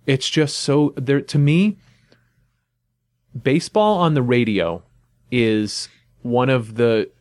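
A man co-hosting a podcast, chatting casually in a relaxed, enthusiastic way. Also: medium pitch, takes it slowly, pauses often, dry recording, studio quality. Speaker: podcast co-host. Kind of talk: casual chat.

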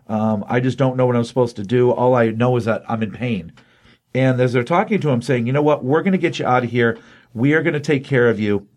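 A man at an ordinary pitch walks through a comic book issue in casual podcast talk. He quotes each character in his own unchanged voice and fills the gaps with ums and uhs. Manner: retells scenes quoting characters in a flat voice, many ums.

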